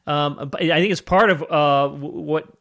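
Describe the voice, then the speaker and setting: A man's voice: fairly high pitch, fairly even intonation, normal speed, gravelly, fairly bright tone. A man co-hosting a podcast, talking about a film in an easygoing way, laughing often and repeating words as he goes. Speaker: podcast co-host. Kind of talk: casual film discussion.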